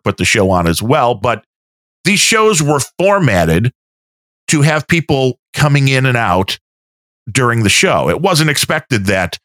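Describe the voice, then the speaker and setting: A man co-hosting a podcast, telling stories in a measured casual chat. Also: mid-range voice, fairly bright tone, dry recording, clean studio sound. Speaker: podcast co-host.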